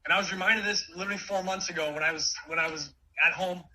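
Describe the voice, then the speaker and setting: A man in his forties giving an energetic motivational talk, with many quick restarts. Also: high-pitched, slight background noise, rough recording. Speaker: keynote speaker.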